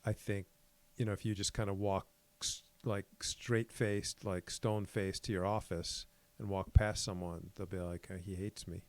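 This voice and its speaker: Gravelly man, rambling podcast co-host. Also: fairly low pitch, little pitch movement, moderate pace, hardly any pauses. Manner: rambling, laughs often, acts out quotes. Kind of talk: casual podcast chat.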